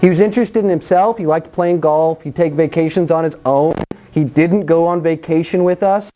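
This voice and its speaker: Animated, blunt-talking preacher. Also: mid-range voice, moderate pace, slight background noise. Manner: animated storytelling with acted-out voices and sound effects; conversational and blunt. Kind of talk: sermon.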